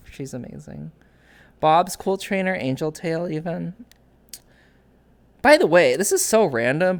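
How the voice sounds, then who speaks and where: A woman's voice: low voice, gravelly. A young woman hosting a streamed interview in casual chat, rambling with many restarts and reading chat messages aloud.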